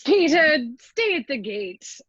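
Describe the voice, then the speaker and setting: A woman acting an old, weary nurse with aching bones in an amateur Shakespeare reading, groaning and teasing in a slow, drawn-out way over a video call. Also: high voice, animated, fairly bright tone, husky, dry recording, heavily acted. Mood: complaining. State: acts out of breath. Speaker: actor in an online Shakespeare reading. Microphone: video call microphone. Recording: dull lo-fi video call audio.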